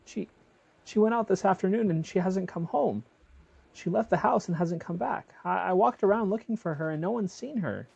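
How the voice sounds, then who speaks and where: A man's voice: sits high, moderate pace, gravelly, a little mellow, breathy edge, no echo, lo-fi sound, exaggerated voice. A man doing a stammering, worried husband. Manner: flustered, stammering, apologetic. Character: worried young husband reporting his missing wife.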